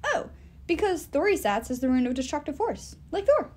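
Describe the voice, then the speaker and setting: A woman's voice: sits high, big pitch swings, moderate pace, a little mellow, pitched above the performer's own voice. A woman doing a breezy talking sword. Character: talking magic sword, male, cheerful and vain.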